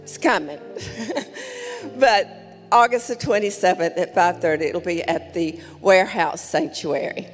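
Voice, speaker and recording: A woman with a mid-pitched voice leads a congregation through an offering declaration. Her words ring out in a large hall with long reverb, and soft music plays underneath. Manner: slow, emphatic declaration. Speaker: pastor leading the offering. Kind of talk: church service, leading a spoken declaration. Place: large church sanctuary.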